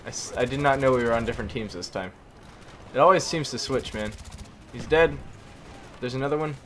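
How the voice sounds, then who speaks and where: A hoarse young man giving excitable gameplay commentary, groaning and exclaiming at his teammates. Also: medium pitch, fairly quick, a little hiss or hum. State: hoarse, losing voice. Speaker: gaming YouTuber. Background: faint gunfire from the game.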